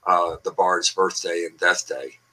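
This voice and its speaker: A man's voice: low voice, monotone, a little slow, music in the background, poor audio. A man co-hosting a casual online show, explaining poetic meter in a lecturing way with asides over a video call. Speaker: author and co-host.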